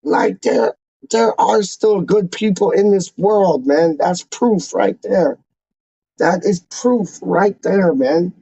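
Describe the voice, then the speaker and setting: A man's voice: high voice, takes it slowly, mellow, no echo, low-quality recording. A man hosting a fan channel, talking in a casual, slangy and emotional way with many repeated exclamations.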